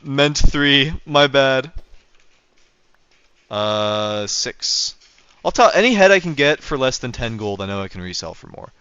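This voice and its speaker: A young man streams a game and chats with his viewers, rambling and correcting himself as he goes. His voice is smooth and clear, dry and close, though the mic sounds dull and lo-fi. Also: medium pitch, lively intonation, unhurried, bright, forceful tone, no room sound. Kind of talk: casual livestream commentary.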